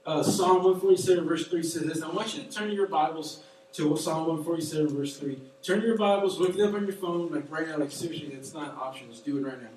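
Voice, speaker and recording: A man's voice: on the high side, fast talker, a little mellow, a little hiss or hum. A young man preaching a casual, emphatic sermon and telling a story from his own life. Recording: very echoey room, voice from far off.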